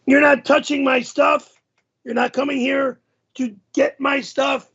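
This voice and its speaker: A man's voice: extremely high pitch, measured pace, creaky, fairly bright tone, husky, muffled recording. A man hosting a live stream, reacting indignantly to viewer messages and stammering as he answers them. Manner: indignant, flustered, repeats and stammers. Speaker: livestream host.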